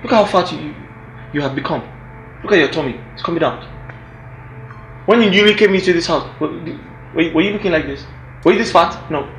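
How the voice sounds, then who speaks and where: A man's voice: a little high, brisk, long pauses, a bit bright, roomy sound, faint music behind. An actor with a Nigerian accent playing a bossy husband scolding his spouse in a film drama. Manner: mocking, scolding. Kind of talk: film acting.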